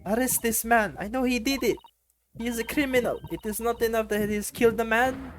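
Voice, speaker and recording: A woman's voice: a little high, fairly even intonation, fairly quick, faint music behind, voice pushed up, natural voice. A woman voicing a haughty woman passenger who hurls dramatic accusations. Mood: indignant.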